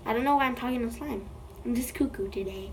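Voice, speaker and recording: A woman's voice: fairly high pitch, fast, noisy background. A woman making a slime vlog, playfully chatting to the slime as if it were alive, recorded on a phone. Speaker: slime video creator.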